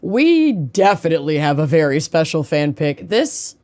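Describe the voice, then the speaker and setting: Minnesotan woman, podcast co-host, fairly low pitch, very animated delivery, gushing casual chat. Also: normal speed. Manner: enthusiastic, gushing.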